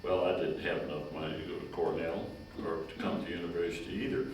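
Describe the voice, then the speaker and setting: A Kentucky man in his 90s, a retired county agent, rambles through long personal stories in a slow, folksy way, chuckling as he goes. His voice is low-pitched with a flat delivery. The mic is distant in an echoey room, with slight background noise.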